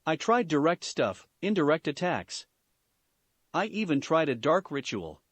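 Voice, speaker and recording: A man's voice: on the high side, very animated, measured pace, no room sound. A man voicing a flustered, apologetic young employee. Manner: apologetic, exasperated.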